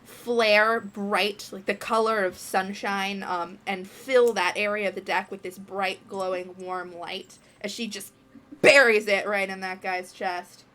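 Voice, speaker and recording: A woman running a tabletop game as game master, narrating the action in an animated way with frequent fillers. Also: medium pitch, measured pace.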